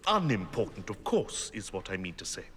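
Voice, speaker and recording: A man's voice: fairly low pitch, sing-song, moderate pace, long reverb tail, a crowd in the background. An actor playing a flustered, pompous king presiding over a trial, muttering to himself. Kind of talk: film acting.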